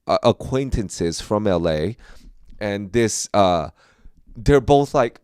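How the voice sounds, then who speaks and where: A young man, a comedian hosting a podcast, talking in a casual, rambling way with many fillers and animated jumps in pitch. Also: slow pace, dry recording, clean studio sound.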